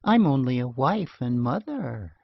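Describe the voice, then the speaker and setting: A man voicing a teasing, quick-witted young wife and mother in an audiobook, speaking in a lilting, scoffing way. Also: mid-range voice, very animated, creaky, no room sound, exaggerated voice. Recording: dull lo-fi dry recording.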